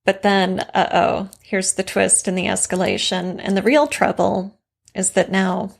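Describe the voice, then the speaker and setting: A woman's voice: medium pitch, little pitch movement, a little slow, gravelly. A woman co-hosting a writing podcast, talking casually and thoughtfully about story craft. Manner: conversational, reflective, warm affirmations.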